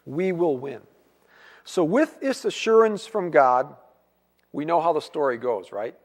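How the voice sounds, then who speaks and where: A man's voice: fairly high pitch, sing-song, unhurried. A man preaching a conversational sermon as pastor, acting out quoted voices as he goes. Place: church sanctuary. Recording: long church hall reverb.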